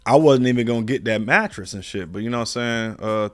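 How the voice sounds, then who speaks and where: A man co-hosting a podcast, telling a comic story in casual, profane chat and jumping high when he quotes himself. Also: quick pace. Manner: animated, profane, jumps to high pitch when quoting himself. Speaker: podcast co-host.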